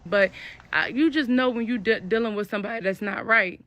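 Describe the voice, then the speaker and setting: A young woman with a medium-pitched voice tells a personal story fairly quickly, in a casual, blunt, slangy way, spelling out the curse words. The recording is dull, lo-fi, and dry.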